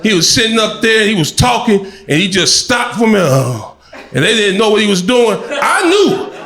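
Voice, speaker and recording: A middle-aged man doing live stand-up comedy, an animated storyteller who shouts and acts out voices. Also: high voice, normal speed.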